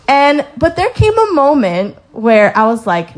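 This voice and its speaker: A young woman shares her faith testimony in a casual sermon style, telling lively stories with acted-out quotes and reading scripture aloud. Her voice is high-pitched, her pace measured, with hardly any pauses.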